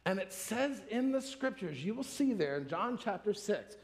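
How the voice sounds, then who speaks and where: A man's voice: high-pitched, big pitch swings, normal speed. A man preaching a sermon, teaching in a conversational, emphatic way with rhetorical questions. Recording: long hall reverb.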